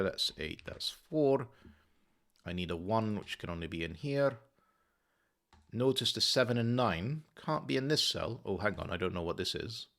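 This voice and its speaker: Solving a sudoku on his own channel, the host talks through his thinking in a methodical mutter, correcting himself as he goes. He has a fairly low pitch, a fairly bright tone, and some vocal fry.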